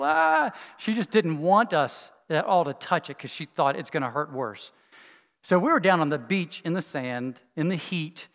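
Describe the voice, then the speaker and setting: Earnest middle-aged preacher in a reverberant hall. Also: male voice, on the high side. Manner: earnest storytelling, drops to a hush at tender moments. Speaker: pastor. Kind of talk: sermon with personal story. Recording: long reverb of a large hall.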